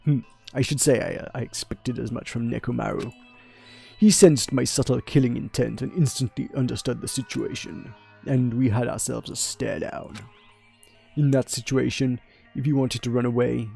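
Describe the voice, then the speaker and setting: Man doing a posh theatrical young man, lofty, formal, gravelly edge. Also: medium pitch, warm tone. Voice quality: posh put-on voice. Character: grandiose theatrical young man, haughty and proud. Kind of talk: let's play voice acting.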